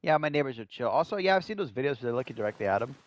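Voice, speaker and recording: A man's voice: medium pitch, rapid-fire, dry recording. A man in his twenties giving joking live commentary while playing a survival game, talking to his chat. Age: 20s. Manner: animated, joking, talks to chat. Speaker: streamer.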